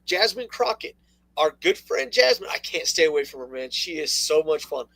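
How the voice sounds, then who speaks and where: A man co-hosting a political talk radio show, talking casually with sarcastic, animated asides and laughs. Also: a little high, moderate pace, vocal fry, no room sound, poor audio. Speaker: co-host.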